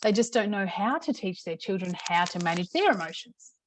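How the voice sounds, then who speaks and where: A middle-aged woman, a parenting coach, teaching in a casual, chatty way with many "okay"s and a slightly hoarse throat. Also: mid-range voice, expressive, brisk, slight background noise. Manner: chatty, repeats "okay" often. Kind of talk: casual talk-to-camera teaching.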